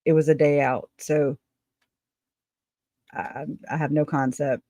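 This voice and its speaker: A woman's voice: low-pitched, fairly even intonation, slow pace, dark tone, no room sound. A woman hosting a casual livestream, rambling, chatting with viewers and laughing often. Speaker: livestream host.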